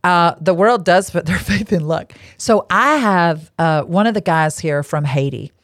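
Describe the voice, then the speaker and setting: Frank lower-voiced woman, dry sound. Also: a little slow, no room sound. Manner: frank, bottom-line, chatty with asides. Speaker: podcast host and lay marriage counselor. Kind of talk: casual Christian teaching talk. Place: seated at a table indoors.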